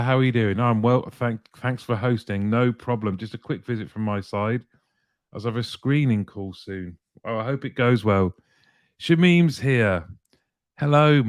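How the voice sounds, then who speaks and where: A man's voice: on the low side, darkish tone, no room sound, studio quality. A man hosting a casual livestream, chummy as he greets viewers by name and reads out their comments. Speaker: livestream host reading chat. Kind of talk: casual chat.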